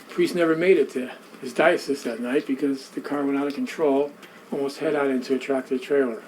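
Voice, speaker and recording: A man guiding visitors around a museum, telling a story in an animated way and acting out the voices of the people in it. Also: medium pitch, slight background noise, low-quality recording. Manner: animated, acts out quoted voices, repeats himself. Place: indoor museum room.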